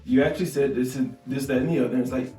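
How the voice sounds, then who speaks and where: A man co-hosting a podcast, speaking calmly and reflectively about his relationship. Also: medium pitch, racing. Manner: calm, reflective, frequent agreeing and laughs. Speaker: podcast co-host. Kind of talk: casual chat about their relationship. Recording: roomy echo, mic at a distance, faint music.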